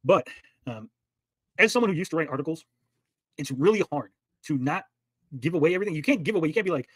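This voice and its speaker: Fast-talking heated male stream host. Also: fairly high pitch, animated, husky, no room sound. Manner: heated, argumentative, swears a lot. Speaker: livestream commentary host. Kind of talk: casual profane stream commentary.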